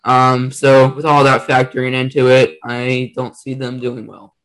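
A young man giving football predictions at a middle pitch on a casual podcast. He hesitates often, filling pauses with ums, and tends to agree with his co-host. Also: monotone, fairly bright tone, rough recording. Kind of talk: casual sports chat.

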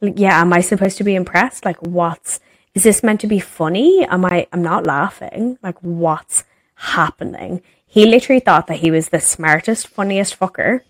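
Young woman, podcast co-host, casual storytelling, swears a lot, slightly low voice, dry close sound. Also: normal speed, dry recording. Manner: animated, swears freely, acts out quotes.

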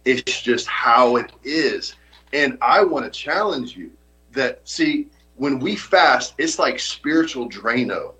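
A man's voice: mid-range voice, lively intonation, slow pace, pushed and bright, low-quality recording. A man preaching a sermon as pastor, earnest and emphatic, often repeating his points.

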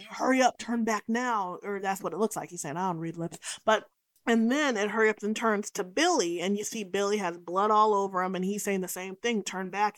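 A young woman recapping a horror movie in a casual, profane, animated way, swearing freely and going off on tangents. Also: medium pitch, dry recording.

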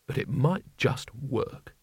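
A man's voice: medium pitch, animated, slow pace, breathy edge, no room sound, heavily acted. A man reading an audiobook, voicing a nervous, cowardly wizard who speaks hesitantly, as if working things out aloud. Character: nervous male wizard, cowardly but cunning.

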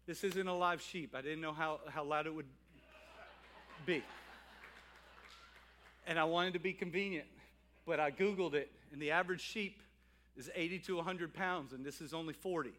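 Pastor, male, higher pitch, animated preaching with hushed asides. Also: moderate pace, long pauses, slight background noise. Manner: animated, shifting between loud calls and quiet asides. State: out of breath at times. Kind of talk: sermon. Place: church sanctuary.

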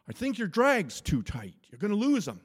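A man voicing his late father, an older man calmly coaching him on fishing, in an echoey hall. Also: high-pitched, normal speed, slightly rough, heavily acted.

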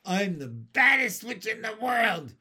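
A man voicing a rowdy little girl in a witch mask, yelling boastfully. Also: very high voice, moderate pace, vocal fry, husky, voice pushed up, exaggerated voice. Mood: gleeful shouting. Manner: shrieking boastful yells.

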